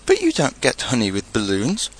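A man voicing a kind, patient young boy in a storybook reading, asking plain, gentle questions. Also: mid-range voice, huge pitch swings, moderate pace, slightly rough, heavily acted.

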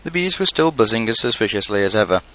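A man reading a children's storybook aloud, narrating in an unhurried way with quiet asides. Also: on the low side, sing-song, low-quality recording.

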